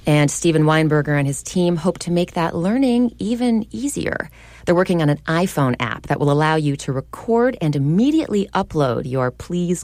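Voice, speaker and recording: A woman's voice: on the low side, a little mellow, dry recording. A woman reporting a radio feature in a conversational, lightly playful narration.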